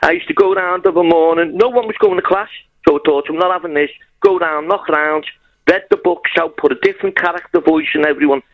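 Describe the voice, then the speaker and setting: A man's voice: a little high, fairly quick. A man calling in to a radio show, telling his story in a blunt, heartfelt way over a phone line. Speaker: caller. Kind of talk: phone-in call.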